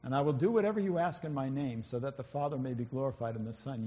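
A man's voice: mid-range voice, fast, mellow. Hesitant man preaching in an echoey hall. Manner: conversational, hesitant, many fillers and restarts. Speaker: church speaker. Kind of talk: informal sermon with slides. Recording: dull, echoey church hall.

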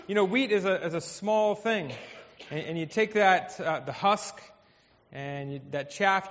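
A male pastor preaching a sermon in a conversational way, his voice swinging from hushed to emphatic. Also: high-pitched. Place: church hall. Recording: dull, echoey hall.

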